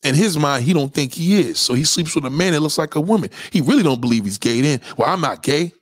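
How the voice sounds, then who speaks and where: This man's slightly high voice moves quickly as he rants comedically to camera, swearing heavily and using street slang throughout his stories. He acts out quoted voices with animated energy. The sound is studio quality with no echo.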